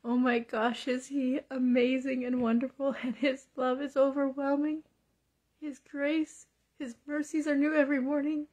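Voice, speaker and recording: High-voiced fervent Christian woman vlogger. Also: flat delivery, moderate pace, a little mellow. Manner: fervent, repeating praise, preachy exhortation. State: teary. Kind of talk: devotional confession vlog.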